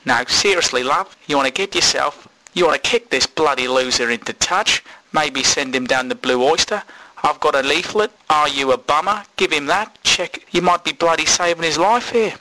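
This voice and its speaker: A brash, crude Australian agony uncle, put on by a man dishes out blunt, bawdy advice in a bright, forceful voice. He swears constantly and never softens a word. It is a comedy podcast sketch. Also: on the high side, moderate pace, low-quality recording.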